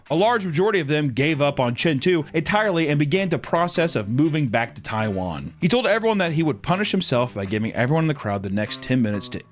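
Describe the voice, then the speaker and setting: A man hosting a podcast, telling a true story in a jokey, animated way with frequent laughs. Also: mid-range voice. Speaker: podcast host. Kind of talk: comedic storytelling.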